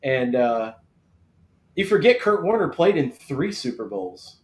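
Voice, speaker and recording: Chatty host in an echoey room. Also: male voice, mid-range voice, sing-song, unhurried. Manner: chatty, storytelling, laid-back with swearing. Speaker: host of a live draft stream. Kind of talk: casual chat.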